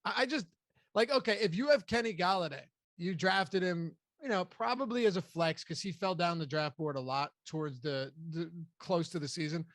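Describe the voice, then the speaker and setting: A man hosting a fantasy football talk show in casual, conversational analysis. His voice sits a bit high for a man, and the sound is close and dry. He restarts his sentences often. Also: moderate pace, a bit bright, dry recording. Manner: conversational, loose with frequent restarts. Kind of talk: casual sports analysis chat.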